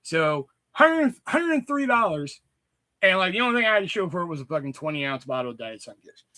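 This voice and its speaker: A man fighting a fever tells a long, casual story on his livestream, swearing freely. His voice sits a little high and sounds bright and forward. He jumps into loud, acted-out quotes as he goes. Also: sing-song, fairly quick. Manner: rambling, swears often, acts out quoted voices loudly. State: sick with a fever. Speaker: streamer.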